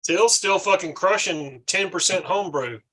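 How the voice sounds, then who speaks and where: Man, sharp bright high voice, slow, teasing crude banter. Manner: teasing, mocking.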